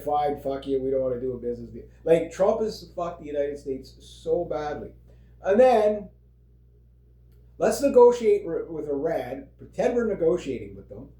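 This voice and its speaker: A man with a fairly high but mellow voice rants in a loose, rambling way. He swears freely, leans on fillers and breaks into laughs. His voice echoes around the room. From Canada. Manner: rambling, profane, heavy fillers, laughs often. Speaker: vlogger. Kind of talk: casual political rant. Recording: roomy echo.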